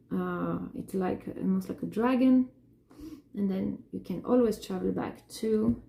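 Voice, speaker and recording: A woman talks through her artwork and her feelings in a loose, rambling personal monologue, her thoughts doubling back on themselves. Her voice is mellow and a little gravelly. The room around her sounds echoey. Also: medium pitch. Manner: rambling, emotional, many restarts and "like". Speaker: artist talking about her work.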